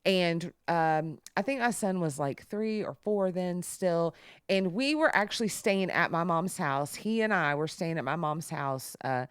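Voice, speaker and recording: A middle-aged woman co-hosting a podcast, telling stories in a casual, animated way and jumping up high when she quotes others. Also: measured pace, clean tone, no echo, clean studio sound. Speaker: podcast co-host. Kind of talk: casual storytelling chat.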